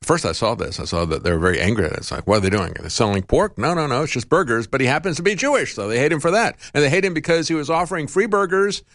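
A man's voice: big pitch swings, very fast, few pauses, fairly bright tone, dry recording. Argumentative male talk show host. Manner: argumentative, with frequent uhs and rhetorical questions; pitch jumps up sharply on emphatic points. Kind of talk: opinionated political commentary.

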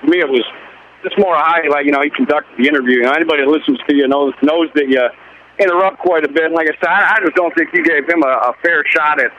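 A man's voice: a little high, fast talker, muffled recording, slight background noise. A man calling into a radio show, hesitant and repeating himself as he politely disagrees. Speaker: caller. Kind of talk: call-in radio conversation.

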